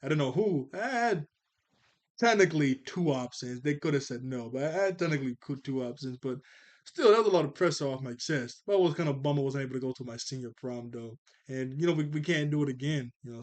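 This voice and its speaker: A man in his twenties casually reviewing a cartoon episode, rambling and often correcting himself. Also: mid-range voice. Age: 20s. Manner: rambling, laid-back, self-correcting.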